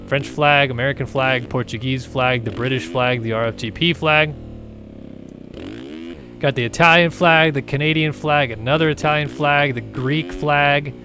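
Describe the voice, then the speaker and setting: A man's voice: mid-range voice, fairly even intonation, moderate pace, vocal fry, few pauses, noisy background. Laid-back man chatting over a game stream. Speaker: game racing commentator. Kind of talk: casual live-stream commentary.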